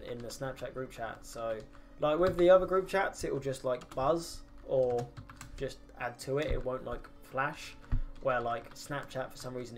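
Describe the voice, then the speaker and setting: A tired man with a medium voice, chatting casually on a gaming livestream, answering chat, swearing, with many ums and restarts. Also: mid-range voice. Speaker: streamer.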